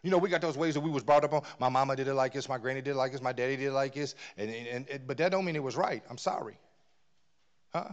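A man preaching a sermon, dropping to near-whispers and then rising to loud emphatic bursts, often repeating words as he builds. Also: mid-range voice, fast, muffled recording.

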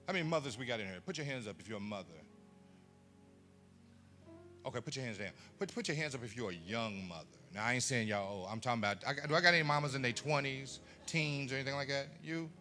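A man's voice: medium pitch, very fast, few pauses, soft background music. A man preaching to a live audience, telling funny family stories, acting out voices and questioning the crowd. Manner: animated storyteller who acts out family voices and quizzes the crowd. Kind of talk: storytelling sermon to a live audience.

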